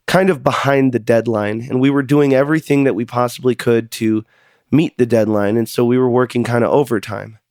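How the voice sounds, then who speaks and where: A man in the middle of the pitch range tells his own story on a podcast. He speaks in an earnest, confessional way and sometimes doubles back on his words. The recording is dry and close. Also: a little mellow, dry recording. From United States. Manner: earnest, confessional, repeats words when emotional. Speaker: podcast host. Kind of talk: personal storytelling monologue.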